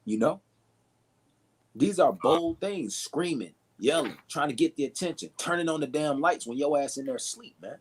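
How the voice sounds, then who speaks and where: Husky man preaching, acting out shouted quotes. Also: fairly high pitch, animated, normal speed, few pauses. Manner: acts out quoted shouts, repeats himself, says "you know" and "man" often. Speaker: fellow preacher. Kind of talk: impassioned street preaching.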